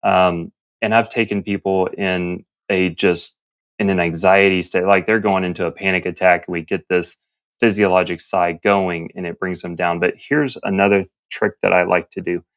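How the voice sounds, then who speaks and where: A man with a very low voice talks as a podcast guest. He explains things calmly and tells a story from his clinical work at an even, steady pace. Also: normal speed, no echo. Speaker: guest, neurologist. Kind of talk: interview, explaining.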